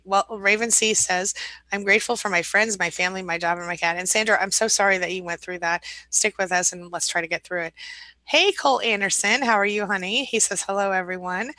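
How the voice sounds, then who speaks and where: Bright-voiced woman reading live comments. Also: mid-range voice, no echo. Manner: warm, sympathetic, reassuring. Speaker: host, relationship recovery coach. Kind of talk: live stream, reading viewer comments aloud.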